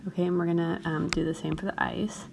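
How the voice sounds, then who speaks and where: Speaking fast in a fairly low, flat voice, a woman teacher walks through a chemistry problem for a screencast lecture and keeps checking on her students. She has a slightly gravelly morning voice, and there is background noise.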